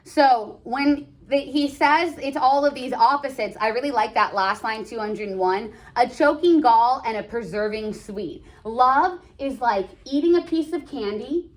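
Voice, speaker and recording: A woman's voice: high-pitched, a little slow, hardly any pauses. A woman teaching a class, chatty and joking, full of filler words. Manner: chatty, joking, lots of "like" and "you know". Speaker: English teacher. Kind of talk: classroom lesson.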